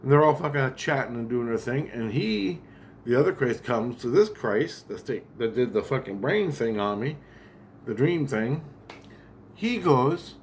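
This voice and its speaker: A man's voice: medium pitch, expressive, unhurried, a little hiss or hum. A man talking in a casual vlog monologue, rambling, agitated and heavily profane.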